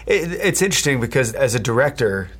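A man's voice: medium pitch, sing-song, fast talker, a bit bright, breathy edge. A man interviewing a guest, asking long, winding questions full of qualifiers. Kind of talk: conversational interview.

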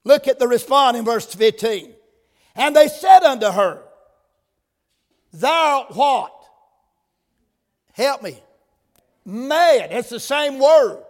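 High-voiced preacher in a reverberant church. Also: male voice, expressive, very slow, long pauses. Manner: builds from quiet prayer to loud emphatic preaching. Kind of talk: sermon. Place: church sanctuary. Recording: long reverb of a church hall.

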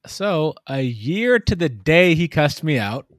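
Animated man telling a story. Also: on the high side, takes it slowly, no room sound. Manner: animated storytelling, mimics customers. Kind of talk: casual chat.

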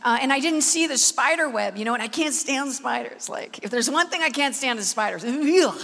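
Woman preacher, live sermon; lively storyteller, high and bright, big reverberant hall. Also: moderate pace, vocal fry. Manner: animated, acts out dialogue, asks audience questions. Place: large concert hall, live audience.

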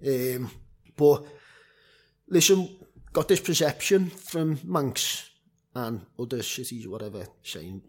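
Husky, sweary Scouse man telling tales. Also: mid-range voice, takes it slowly, long pauses. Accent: Liverpool. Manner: blunt, sweary storytelling with many fillers. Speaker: former semi-pro footballer guest. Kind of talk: casual podcast chat.

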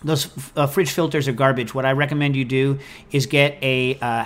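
A man hosting a food call-in show, chatting casually and answering listener questions in an opinionated, animated, digressive way. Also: medium pitch.

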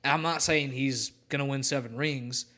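A man's voice: medium pitch, fairly even intonation, moderate pace, bright, forceful tone. A man co-hosting a sports podcast, pushing back bluntly with strong opinions in casual chat. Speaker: podcast co-host.

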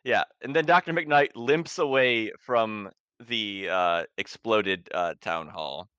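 A man running a tabletop horror game as game master, narrating in a laid-back, halting way with many fillers. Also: fairly low pitch, fairly bright tone, smooth, no room sound, lo-fi sound.

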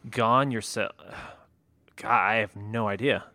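Male co-host, relaxed rambling talker, crisp edgy tone with fry. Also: fairly low pitch, slow, no echo. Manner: laid-back, many fillers and restarts, laughs easily. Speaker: podcast co-host. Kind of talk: casual chat.

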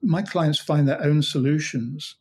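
Husky man telling stories of clients. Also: fairly high pitch, a little slow. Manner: storytelling, acts out client dialogue, many restarts. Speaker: hypnotherapist and mind coach, guest. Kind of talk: conversational interview.

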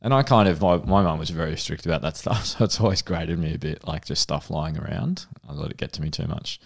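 A man's voice: a bass voice, fairly quick, vocal fry. A man co-hosting a podcast, telling a story in a casual chat and laughing often. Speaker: podcast co-host.

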